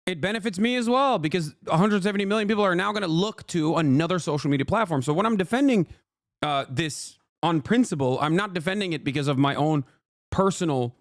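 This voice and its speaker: A man's voice: high-pitched, lively intonation, quick pace, dry recording, studio quality. A man streaming live, commenting on clips in a rambling, emphatic way and talking to his chat.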